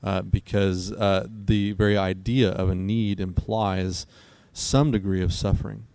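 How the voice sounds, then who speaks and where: A man with a lowish voice hosts a casual debate, thinking aloud as he goes. His speech is halting and full of fillers and restarts. The sound is dry and close. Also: little pitch movement, vocal fry, darkish tone, no echo. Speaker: co-host.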